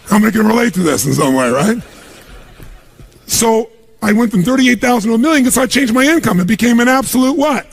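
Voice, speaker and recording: A man's voice: very high voice, lively intonation, fairly quick, creaky, husky. A man giving an emphatic motivational seminar talk to a live audience in a large room, pushing them with repeated commands. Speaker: motivational speaker.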